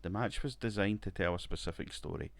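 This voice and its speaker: Low-voiced man in casual game commentary. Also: a little fast, gravelly, dry recording. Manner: casual, rambling, swears and laughs. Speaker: gaming video creator.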